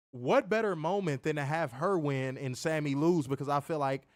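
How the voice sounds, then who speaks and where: A man's voice: on the high side, dry recording, studio quality. A man co-hosting a wrestling review show in loose, profane casual chat, laughing often as he tells stories. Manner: loud, profane storyteller who laughs often.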